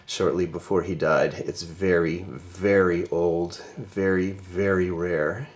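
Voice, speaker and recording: A middle-aged man walking through his house, fondly describing his art with many pauses and fillers, his voice dropping softly at the end of thoughts. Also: low-pitched, steady tone. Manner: warm, fond, many fillers, trails off softly at ends of thoughts. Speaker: vlogger giving a home art tour. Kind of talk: casual home tour narration. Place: inside his house, moving through rooms.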